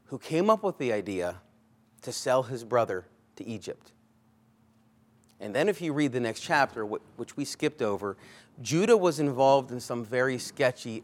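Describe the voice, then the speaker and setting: A pastor delivering a conversational sermon, emphatic at points and often rephrasing himself mid-sentence. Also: male voice, a little high. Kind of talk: expository sermon.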